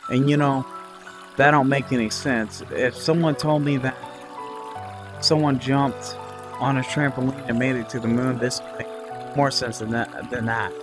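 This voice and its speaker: A man's voice: mid-range voice, fairly even intonation, a little slow, over music. A man telling a story about his job in a casual, rambling way, full of fillers and swearing. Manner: rambling, frequent fillers and profanity. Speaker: vlogger recounting a work dispute.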